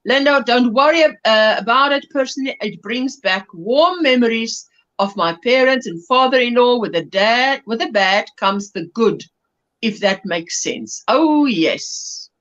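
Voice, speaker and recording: A South African woman hosts a crochet livestream, chatting casually and laughing often as she reads viewer comments aloud. Her voice is on the high side, a bit bright, animated, and unhurried, and the audio is lo-fi livestream quality.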